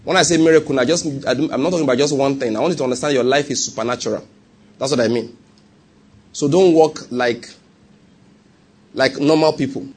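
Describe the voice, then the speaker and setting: A man's voice: medium pitch, a little fast, pauses often, darkish tone, husky. A man with a Nigerian accent preaching a sermon and telling a personal story, often checking whether the congregation follows him. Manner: conversational, asks the congregation if they follow.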